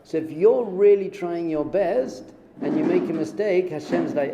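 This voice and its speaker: A middle-aged man, a rabbi teaching an informal Torah class, lively and joking, acting out little dialogues. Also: fairly high pitch, normal speed, hardly any pauses. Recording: echoey room with faint noise.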